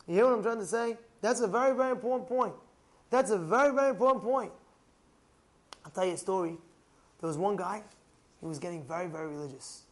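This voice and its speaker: A man, a rabbi, telling stories and teaching about marriage in a lively way, asking the listener questions and at times raising his voice to a shout. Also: high-pitched, fast talker. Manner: animated, asks the listener rhetorical questions, raises voice to a shout for emphasis. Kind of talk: storytelling talk on marriage.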